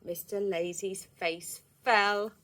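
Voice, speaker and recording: A woman, reading a children's storybook aloud in an expressive, lively way. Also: mid-range voice, slow.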